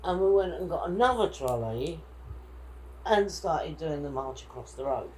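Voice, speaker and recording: A woman's voice: sits low, lively intonation, normal speed, a little mellow, a little hiss or hum, rough recording. A woman telling a travel story in a casual vlog chat, quoting people as she goes. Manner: chatty, indignant retelling with quoted dialogue. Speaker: vlogger.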